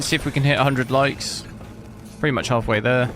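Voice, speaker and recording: A man's voice: mid-range voice, fairly even intonation, a little fast. A man streaming a game, chatting casually and rambling through his commentary, with noisy stream audio. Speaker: gaming streamer.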